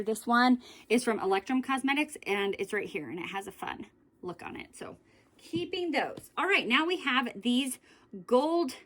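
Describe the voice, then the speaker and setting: A woman's voice: mid-range voice, a bit bright. A woman in a casual beauty vlog, chatting in a rambling way about her lip glosses and correcting herself as she goes. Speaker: beauty vlogger. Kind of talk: casual makeup declutter vlog.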